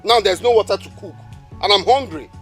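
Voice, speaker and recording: A man's voice: brisk, natural voice. A man playing a hungry, grumbling grown son. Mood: annoyed. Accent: Nigerian. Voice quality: loud and complaining, pitch jumping high when upset. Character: hungry irritable grown son back from travel. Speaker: actor. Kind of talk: film drama. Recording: film soundtrack with loud music.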